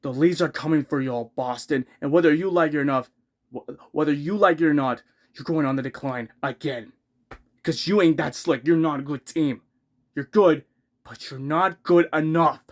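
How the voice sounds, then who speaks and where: A man's voice: a little high, normal speed. Exasperated male hockey fan ranting. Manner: exasperated, repeats himself, swears, rising outbursts.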